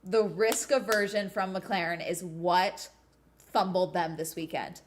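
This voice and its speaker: A woman hosting a live watch-along, chatting casually and breaking into excited cheers and laughter. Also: fairly low pitch, a little slow, slight background noise. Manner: swears casually.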